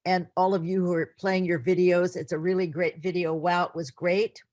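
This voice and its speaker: A woman's voice: fairly low pitch, moderate pace, darkish tone, no echo. A middle-aged woman teaching an online class in an earnest, emotional way, often repeating words. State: near tears.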